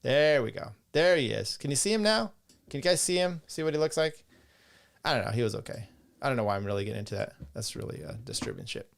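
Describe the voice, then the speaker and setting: A man's voice: mid-range voice, very animated, quick pace, vocal fry. A middle-aged man hosting a podcast, rambling casually with profane, chuckling asides as he reads viewer comments. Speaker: podcast host. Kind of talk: casual live-stream talk, reading chat.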